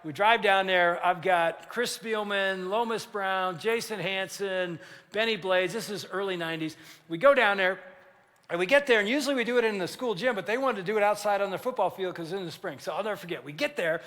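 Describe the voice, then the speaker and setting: Older male pastor, lively storyteller, high bright voice, long hall reverb. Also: fairly quick. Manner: animated, acts out quoted voices. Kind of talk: storytelling sermon. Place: large church hall.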